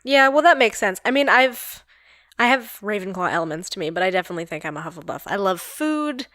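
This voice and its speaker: A woman co-hosting a podcast in casual chat, relaxed and quick to laugh. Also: medium pitch, no room sound, studio quality. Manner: laughs easily, relaxed and friendly. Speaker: podcast co-host.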